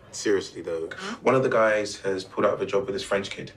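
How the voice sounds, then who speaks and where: An actor voices an awkward, friendly boss from Jamaica. His voice sits low. He fumbles apologies whenever a joke lands badly. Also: fairly quick, fairly bright tone, natural voice. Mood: sheepish.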